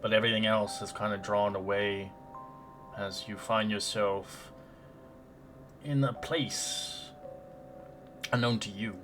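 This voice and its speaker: A man narrating a tabletop game as game master in a halting, rambling way with restarts. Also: lowish voice, steady tone, music in the background.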